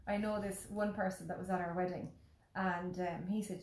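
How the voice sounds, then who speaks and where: A woman chatting casually as co-host, an animated storyteller who swears freely. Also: lowish voice, normal speed. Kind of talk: casual chat. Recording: echoey room.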